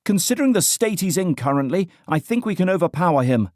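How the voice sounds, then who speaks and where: A man's voice: high voice, big pitch swings, fast talker, a little mellow, dry recording, studio quality, voice pushed up. A man voicing a bold, teasing young woman with a British accent in an audiobook. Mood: firm. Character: sassy, fiercely independent young woman rescuer.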